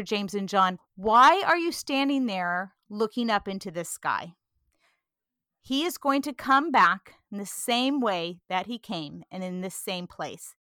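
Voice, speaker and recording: A woman from California talking earnestly about scripture in a casual discussion, animated and quick to laugh. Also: mid-range voice, no echo, studio quality.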